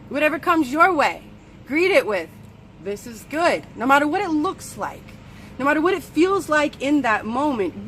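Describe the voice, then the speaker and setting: A woman coach tells a story in a lively, animated way, slipping into the voices of the people in it. Her voice sits a little high, and faint traffic hums behind her. She talks casually and loosely. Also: poor audio. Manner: animated, acts out quoted voices. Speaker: well-being coach.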